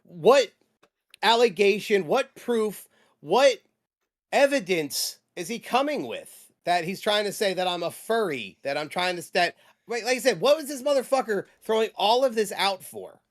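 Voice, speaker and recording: A heated, high-voiced man ranting. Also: animated, normal speed. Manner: angry, defensive, swears often. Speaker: panelist on a livestream show. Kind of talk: heated casual debate.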